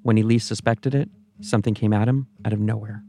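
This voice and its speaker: A man giving measured, scripted documentary narration. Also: on the low side, creaky, faint music behind. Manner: measured, even storytelling delivery.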